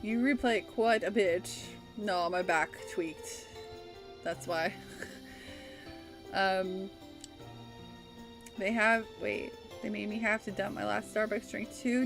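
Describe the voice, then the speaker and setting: A woman's voice: mid-range voice, fairly even intonation, takes it slowly, gravelly, pauses often, music in the background. A woman from the Bay Area in California, chatting casually while streaming a game and reading her chat aloud. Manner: chatty, reads chat aloud, breaks into laughs.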